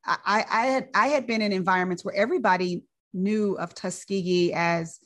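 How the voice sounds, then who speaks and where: A woman's voice: mid-range voice, brisk. A woman, a physician, telling a personal story in a conversational way, often repeating words and using fillers.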